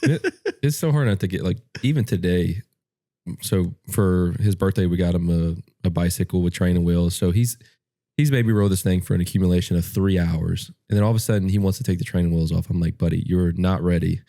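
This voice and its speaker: Dude in his 30s, low voice, dry close mic, laughing through his stories. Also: brisk, mellow, no echo. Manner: storytelling, laughs while talking. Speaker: podcast co-host. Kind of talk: casual chat.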